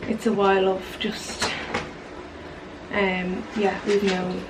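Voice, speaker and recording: This young Irish woman chats slowly and monotonously to camera, rambling along with plenty of "like" and "literally". Her voice is mid-range. The audio sounds roomy and distant, with noisy ambience behind her.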